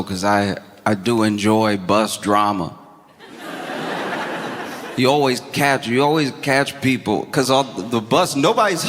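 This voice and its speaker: Man doing stand-up in an echoey hall. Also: mid-range voice. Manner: animated storytelling, jumps into character voices. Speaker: stand-up comedian. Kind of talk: stand-up comedy set. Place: comedy stage before an audience. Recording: reverberant hall with audience noise.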